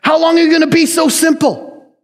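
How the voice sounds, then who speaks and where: A man's voice: very high-pitched, steady tone, brisk, long reverb tail, pitched above the performer's own voice. A man voicing personified Wisdom as a taunting, sing-song voice calling out. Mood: mocking.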